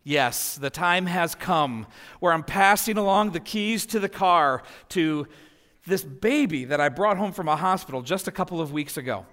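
A man's voice: a little high, lively intonation, normal speed, a bit bright. A man in his forties preaching a sermon as pastor, telling family stories and letting his voice climb as they build. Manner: storytelling, voice rising in anecdotes. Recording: long hall reverb.

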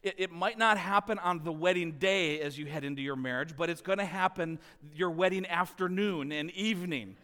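A man preaching a sermon as a pastor, telling a family story with lively, animated delivery. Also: high voice, moderate pace, few pauses, big-room sound. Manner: animated storytelling, rising loud when acting out scenes.

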